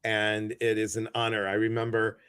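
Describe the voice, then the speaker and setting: A man's voice: on the low side, completely flat delivery, moderate pace, a bit bright, smooth, dry recording. A man hosting a casual livestream chat over a video call, effusive and greeting many viewers by name. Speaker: host.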